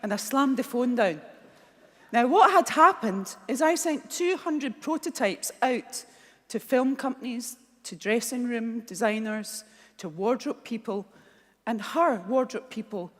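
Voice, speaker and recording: A middle-aged Scottish woman giving a keynote speech, telling blunt, animated stories and acting out the dialogue. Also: fairly high pitch. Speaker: keynote speaker. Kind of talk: motivational keynote storytelling. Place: large conference hall. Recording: long hall reverb.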